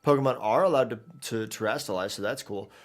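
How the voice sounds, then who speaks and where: A man with a lowish voice talks fast while streaming a video game. His casual live gameplay commentary rambles, full of fillers and restarts as he plays.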